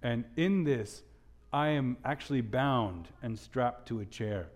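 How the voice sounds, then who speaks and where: A young man giving a sermon with a personal story, telling it in an animated way with many restarts. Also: medium pitch, slow pace. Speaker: speaker at a church gathering.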